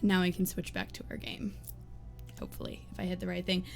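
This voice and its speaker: A woman's voice: lowish voice, fast talker, gravelly. Casting: woman game streamer, rambling and giggly, casual, faint game music underneath. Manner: chatty, rambling, peppered with "like"; giggly, animated storytelling. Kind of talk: casual live-stream chat.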